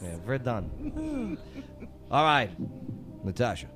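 A man's voice: medium pitch, wildly swooping pitch, takes it slowly, over music. A man hosting a radio show, playfully setting up pun riddles for his co-hosts. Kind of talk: joking trivia banter.

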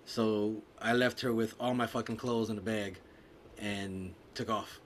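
Profane, animated man telling a story. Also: on the low side, measured pace, slight background noise. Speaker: podcast co-host telling a story. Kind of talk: casual chat.

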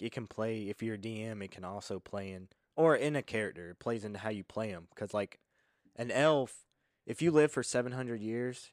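Laid-back low-voiced young man explaining. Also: no echo, clean studio sound. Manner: relaxed, filler-heavy explaining. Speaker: podcast host and game master. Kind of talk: casual explanatory chat.

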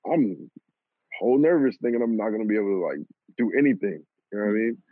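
A young man casually telling a personal story, animated and swearing and laughing at himself. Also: fairly low pitch, quick pace, dry recording. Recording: lo-fi phone-like audio.

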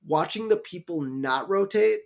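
A man in easy, casual chat, his voice sitting a little higher than most men's. He rambles through scenes with plenty of fillers and restarts. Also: animated, measured pace, creaky. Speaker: podcast co-host.

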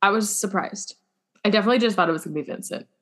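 A woman's voice: mid-range voice, very fast, a bit bright. A woman co-hosting a podcast in casual chat, blunt and joking, swearing freely. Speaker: podcast co-host.

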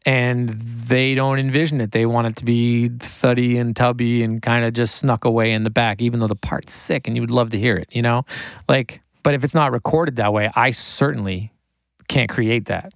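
Excitable man, dry studio mic. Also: mid-range voice, vocal fry, no echo. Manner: excitable, quick, laughs often, says like a lot. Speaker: record producer and engineer. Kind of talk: casual podcast interview.

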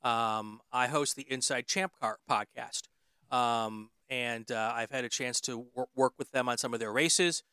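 Bright, crisp-voiced male podcast host. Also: mid-range voice, a little slow, no room sound. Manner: hesitant, lots of ums and uhs. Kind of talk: casual interview chat.

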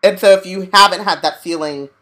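A woman's voice: fairly low pitch, a little fast, fairly bright tone. A woman chatting casually about a book, blunt and free with swearing. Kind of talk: casual chat.

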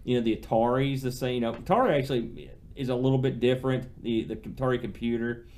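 A man's voice: medium pitch, steady tone, fast talker, darkish tone, a little hiss or hum. Male podcast co-host, casual game-review chat, rambling and full of restarts. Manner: rambling, many restarts and fillers.

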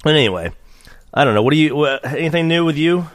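A man's voice: fairly high pitch, lively intonation, fast, no echo, clean studio sound. Rambling, swearing male podcast host. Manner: rambling, profane, trails off with fillers. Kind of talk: casual bickering podcast chat.

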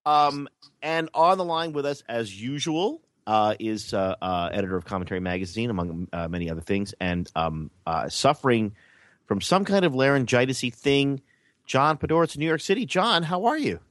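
A man's voice: medium pitch, animated, moderate pace, fairly bright tone, no room sound. A man hosting a podcast in casual chat, with wry, self-mocking banter. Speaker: podcast host.

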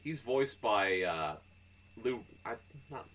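A man's voice: lowish voice, lively intonation, takes it slowly, a bit bright, recorded from a distance. A man in casual conversation, telling a story in a loose, laid-back way. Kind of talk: casual chat.

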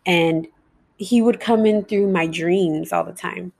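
Gravelly-voiced young woman, rambling casually. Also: lowish voice, slow pace, darkish tone. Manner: rambling, heavy "like" and "um" fillers, casual swearing. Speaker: podcast host. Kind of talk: casual spiritual podcast monologue.

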